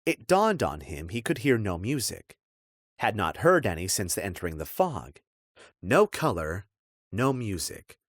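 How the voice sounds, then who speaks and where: A man narrating a dark fantasy audiobook in a measured, expressive storytelling voice. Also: on the low side, no echo, studio quality.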